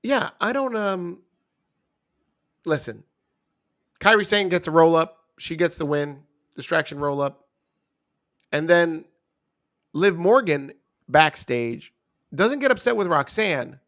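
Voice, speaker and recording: A young man with a fairly high voice co-hosts in loose, joking podcast banter. He teases his partner and keeps the talk animated. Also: slow, pauses often. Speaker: wrestling review co-host.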